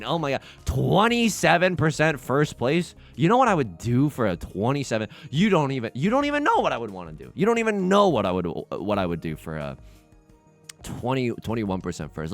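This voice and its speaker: A young man casually commenting on his own game play, jokey and animated, talking to his chat with sudden loud outbursts. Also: mid-range voice, a little fast, vocal fry, soft background music. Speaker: let's play streamer.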